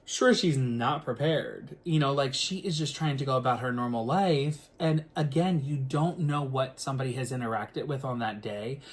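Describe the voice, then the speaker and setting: A man, a singer, telling a story to the camera in a casual, animated way, full of filler words and the odd swear word. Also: medium pitch, normal speed, few pauses.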